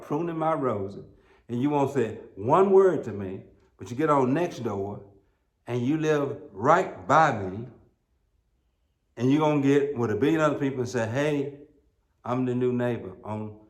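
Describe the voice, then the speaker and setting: A man's voice: mid-range voice, expressive, normal speed. A middle-aged American man preaching a sermon as pastor, telling folksy, humorous stories with emphatic peaks. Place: church sanctuary. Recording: roomy church sound.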